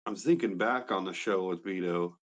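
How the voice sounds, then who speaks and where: A man's voice: low voice, normal speed. A young man and father talking casually as a podcast guest, brash and boastful, swearing freely. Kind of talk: casual chat.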